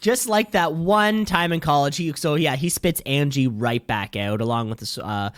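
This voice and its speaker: A man's voice: on the high side, normal speed, a bit bright, no room sound, studio quality. A man co-hosting a podcast, joking around and trailing off into strings of filler words. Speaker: podcast co-host. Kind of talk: casual chat.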